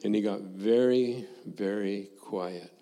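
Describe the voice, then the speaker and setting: Older man, former missionary, lowish voice, unhurried reflective testimony, echoey hall. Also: mellow. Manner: slow, reflective storytelling with quoted dialogue. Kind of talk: personal testimony to a congregation.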